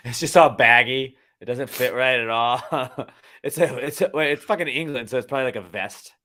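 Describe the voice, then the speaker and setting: A man's voice: mid-range voice, brisk, bright, forceful tone, a little hiss or hum. A young man co-hosting a casual podcast chat, rambling, swearing freely and slipping into silly voices. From Texas. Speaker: podcast co-host.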